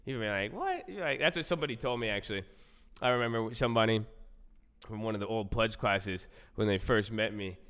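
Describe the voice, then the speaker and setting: A man's voice: fairly low pitch, quick pace, a bit bright, smooth, in a large hall. A man hosting a casual livestream, chatting loosely and repeating himself, saying "bro" and "man" a lot. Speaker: livestream host.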